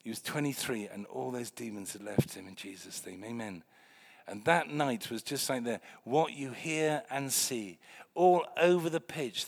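A middle-aged man from Wales, a pastor preaching a sermon and telling stories with loud acted outbursts. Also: mid-range voice, creaky. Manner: animated storytelling, bursts of loud acted voices.

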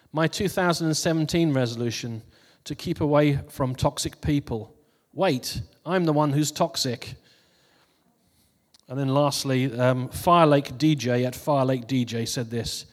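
A man's voice: medium pitch, in a large hall. A man giving a casual New Year sermon who reads out funny posts and laughs at his own jokes before turning to scripture. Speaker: preacher.

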